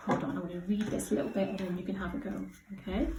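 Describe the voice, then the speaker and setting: A woman with an English accent teaching a child to read, encouraging, and slowing down to read lines with lots of expression. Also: mid-range voice. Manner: encouraging, slow and expressive when modelling sentences. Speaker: primary school teacher. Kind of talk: guided reading lesson with a child. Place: school classroom. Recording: roomy classroom with faint background hiss.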